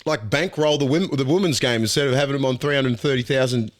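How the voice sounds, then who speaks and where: A man with an Australian accent, a podcast host and former rugby league player, talking sport in a blunt, animated way and swearing freely. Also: medium pitch, quick pace. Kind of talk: casual sports chat.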